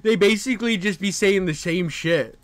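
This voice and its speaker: A man's voice: sits high, normal speed, no room sound. A man reacting to videos with profane, mocking rants as a streamer. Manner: ranting, crude, mocking.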